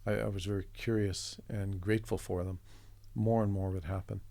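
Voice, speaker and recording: Man, from Canada, middle-aged, low voice, conversational storytelling. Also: flat delivery, moderate pace, creaky, warm tone, dry recording. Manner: reflective, meandering anecdotes with restarts. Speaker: interview guest, artist.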